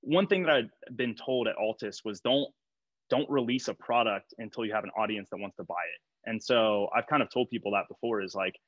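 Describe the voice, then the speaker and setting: A man's voice: lowish voice, fairly bright tone, no room sound, muffled recording. A young male strength coach talking casually in a podcast interview, rambling with lots of fillers and laughing easily.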